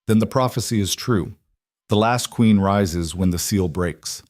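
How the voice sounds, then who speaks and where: A man's voice: lowish voice, a little slow, darkish tone, no room sound, clean studio sound, lightly acted. A man voicing a huge, scarred, fierce wolf-pack alpha who growls his lines in a thick northern accent and speaks with solemn weight.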